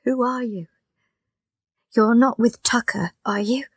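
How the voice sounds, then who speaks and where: A woman's voice: fairly high pitch, fairly even intonation, slow, breathy edge, no room sound, studio quality, exaggerated voice. A woman voicing a frightened, injured young man in a storybook reading, speaking in a pleading, fearful way.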